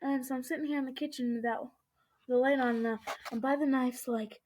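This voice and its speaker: Woman vlogger, slightly high voice, still shaken, rambling storytime into a laptop webcam at home. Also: fairly even intonation, moderate pace, a little mellow. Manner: rambling retelling full of "I was like", restarts and nervous laughs. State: shaken and uneasy. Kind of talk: casual storytime vlog. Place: indoors at home. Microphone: laptop webcam mic.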